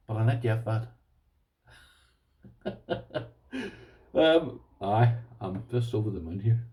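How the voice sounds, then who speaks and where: A middle-aged Irish man chatting casually to camera about his lock collection, self-deprecating and quick to laugh. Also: lowish voice, dark tone, far from the mic, low-quality recording. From Ireland. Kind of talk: casual vlog chat.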